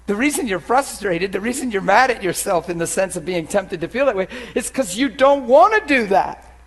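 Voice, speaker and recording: A male preacher with a high voice delivering a lively sermon. He talks to his listeners directly, asks whether they follow, and acts out the voices in their heads. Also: normal speed.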